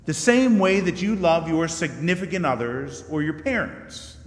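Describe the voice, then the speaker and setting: A man's voice: fairly high pitch, normal speed. A man giving a sermon as guest preacher, in a conversational, joking way and putting questions to the congregation. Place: church sanctuary. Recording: echoey church hall.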